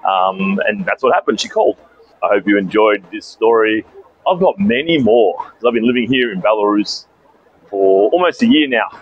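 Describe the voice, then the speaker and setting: Young Australian male vlogger, low-pitched and husky, animated chatty storyteller. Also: normal speed, dull audio. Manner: chatty, animated retelling with asides. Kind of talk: casual storytelling vlog. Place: outdoors at a bus station.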